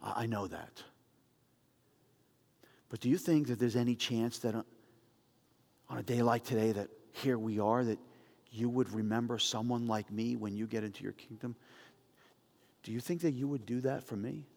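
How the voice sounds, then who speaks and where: A man voicing a humble, repentant male thief who pleads softly during a sermon. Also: medium pitch, moderate pace, gravelly, pauses often, big-room sound. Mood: pleading. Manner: soft, pleading.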